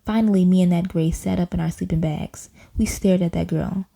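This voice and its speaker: A woman reading a children's storybook aloud in a playful, animated way, doing little voices. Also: lowish voice, a little fast, vocal fry, hardly any pauses. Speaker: audiobook reader.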